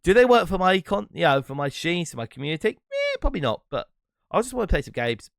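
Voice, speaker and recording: A man's voice: sits high, wildly swooping pitch, fast, vocal fry, dry recording, studio quality. A man hosting his own podcast, talking alone in a rambling, reflective way and breaking into laughs now and then. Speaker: podcast host and streamer. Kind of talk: casual solo monologue.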